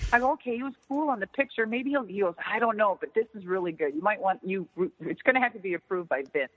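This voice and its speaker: A middle-aged woman, once a wrestler, tells stories in a relaxed interview with a husky, medium-pitched voice. She swears freely and animatedly acts out what other people said. The audio is tinny, like a phone line, with long reverb.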